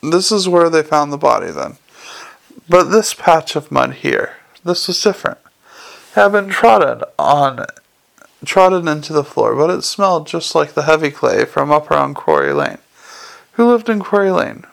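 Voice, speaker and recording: A man reading a fantasy novel aloud as the narrator, in a steady storytelling manner. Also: fairly high pitch, moderate pace, vocal fry. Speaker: audiobook narrator. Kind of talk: scripted narration.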